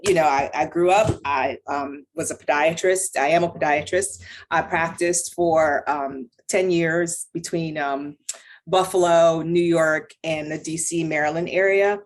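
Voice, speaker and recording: A woman with a somewhat low voice recounts her life in a relaxed interview. Her talk is chatty and full of asides, with a laugh never far off. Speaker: yarn shop owner and podiatrist. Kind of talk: conversational interview storytelling.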